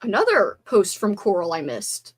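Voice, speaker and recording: A woman's voice: medium pitch, wildly swooping pitch, normal speed. A woman hosting a livestream, chatting casually, reading viewer comments aloud and grumbling with playful swearing. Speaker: livestream host.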